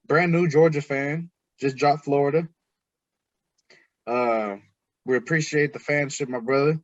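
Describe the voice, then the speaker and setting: A man hosting a casual sports podcast, talking in an animated, teasing way. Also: a little high, measured pace, dry recording, lo-fi sound. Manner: animated, teasing, mimics others' voices. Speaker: podcast host.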